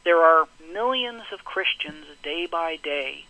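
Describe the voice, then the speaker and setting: Middle-aged male pastor, radio guest, earnest and measured, bright, slightly high voice. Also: lively intonation, no echo, low-quality recording. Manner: earnest, measured, preacherly emphasis. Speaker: pastor and spiritual director.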